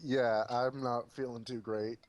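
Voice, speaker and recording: A young man plays a tabletop game, answering the game master in character. His replies are plain and a touch hesitant, with small pauses before he commits. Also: mid-range voice, little pitch movement. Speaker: player. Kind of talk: tabletop role-play.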